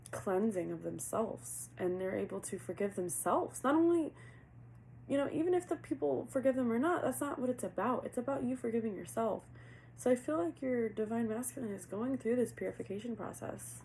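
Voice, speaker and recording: Woman tarot reader, gravelly edge, earnest and heartfelt, channels messages as she talks, faint hiss underneath. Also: mid-range voice, moderate pace, darkish tone, rough recording. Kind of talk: casual tarot reading.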